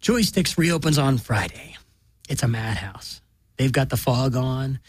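A man reading a short story aloud in a plain, deadpan way. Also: medium pitch, a little slow, slightly rough, dry recording. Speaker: narrator.

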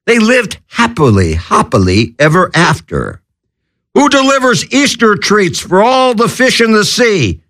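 A man with a high, wildly swooping voice hosts a comedy radio show. He works through wacky shout-outs and corny one-liners at an unhurried pace, breaking into manic yells. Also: big pitch swings. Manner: manic, wacky, cracking corny jokes and yelling. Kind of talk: zany comedy radio patter.

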